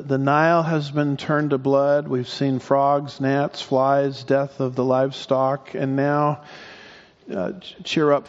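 A man's voice: medium pitch, darkish tone. A man preaching a verse-by-verse sermon as pastor, folksy and joking with his congregation, sometimes stumbling over a word. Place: church sanctuary. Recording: dull sound with long hall reverb.

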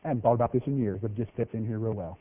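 Folksy preacher on tinny radio. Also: male voice, rapid-fire. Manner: folksy, joking preacher with lively swings in pitch. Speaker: pastor. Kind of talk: sermon. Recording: tinny phone-like radio broadcast of a hall.

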